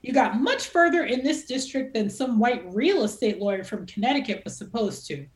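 A woman's voice: on the high side, expressive, normal speed, natural voice. A woman voicing a pompous, well-connected man giving a grandstanding, chummy toast. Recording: echoey room.

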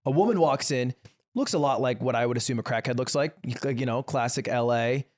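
A man's voice: mid-range voice, brisk, a little mellow. A young man co-hosting a podcast, casually telling a story and laughing often. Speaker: podcast co-host. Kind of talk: casual chat.

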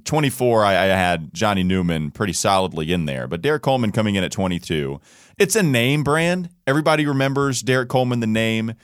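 A man co-hosting a sports podcast in a studio, chatting casually with an animated, jokey, self-deprecating manner. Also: lowish voice, no echo. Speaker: podcast co-host.

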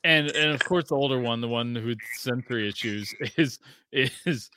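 A man in his thirties hosting a casual sports podcast, telling stories excitedly and swearing freely. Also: mid-range voice, moderate pace, no echo, clean studio sound. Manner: excitable, profane storytelling. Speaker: podcast host.

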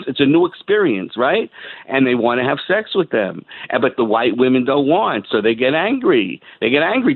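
A man calling in to a radio talk show, ranting in an agitated, halting way with lots of restarts. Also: a little high, no echo. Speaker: caller. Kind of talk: call-in radio rant. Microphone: phone. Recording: tinny phone line.

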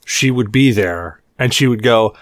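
A man's voice: medium pitch, a little slow, no echo, clean studio sound. A young man co-hosting a podcast, telling a rowdy story casually with swearing and acted-out quotes. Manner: animated, swearing, acts out quotes. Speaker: podcast co-host.

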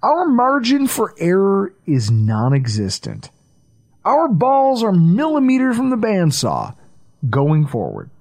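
A man hosting a sports podcast, talking in a casual, animated way with some swearing. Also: high voice, slow pace. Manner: animated, swearing, breaks into impressions. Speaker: podcast host.

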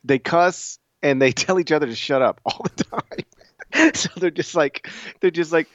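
A man's voice: on the high side, a little slow, no echo. A middle-aged man co-hosting a casual sports podcast, teasing his partner and rambling through stories. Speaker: podcast co-host. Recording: dull lo-fi sound.

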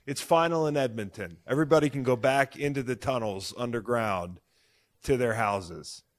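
A man in his thirties hosting a casual sports podcast, excitable and loud, swearing freely as he talks. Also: medium pitch, moderate pace. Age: 30s. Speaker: podcast host.

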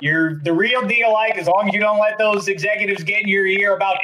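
A man hosts a podcast in a high, bright voice with a slightly grating edge. He teases and banters in a chummy way. A faint hiss sits under the recording. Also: a little fast, low-quality recording. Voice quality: self-described annoying voice. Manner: jokey, chummy. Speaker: podcast host. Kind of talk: casual podcast chat.

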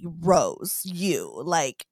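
A woman's voice: low-pitched, sing-song, extremely slow, a little mellow, husky, dry recording, clean studio sound. A woman as a podcast guest in casual chat, answering in short supportive replies.

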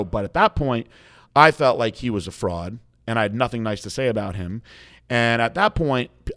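Blunt, low-voiced male storyteller. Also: dry recording, clean studio sound. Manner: animated storyteller, acts out quoted dialogue; blunt, frank. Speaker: guest telling a story. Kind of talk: casual podcast conversation.

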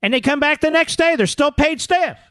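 Male talk radio host: high, swooping delivery, sarcastic and emphatic, dry studio sound. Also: animated, normal speed, pushed and bright, no echo. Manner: sarcastic, mocks opponents in put-on voices; emphatic, repeats words for effect. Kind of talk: political talk radio monologue.

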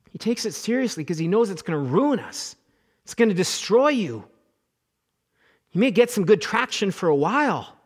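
Middle-aged guy preaching, lively, acts out the quotes, bit high pitched. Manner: animated, acts out quoted voices, repeats words. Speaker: pastor. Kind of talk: sermon.

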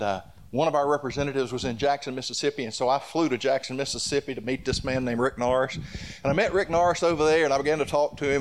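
A man's voice: mid-range voice, a little hiss or hum. A man preaching a sermon, telling stories in a folksy way and building to fervent emphasis. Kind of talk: sermon storytelling.

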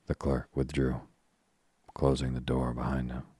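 Very deep, husky male sleep-story reader. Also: dry recording. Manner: slow, steady, soothing reading. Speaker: audiobook reader. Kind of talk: calm sleep-story narration.

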